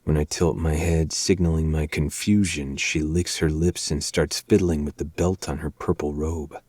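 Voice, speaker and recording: Very deep-voiced man reading a novel aloud. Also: steady tone, darkish tone, husky, no echo, studio quality. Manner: low, measured first-person reading. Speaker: podcast host. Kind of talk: audiobook-style narration of a dark romance novel.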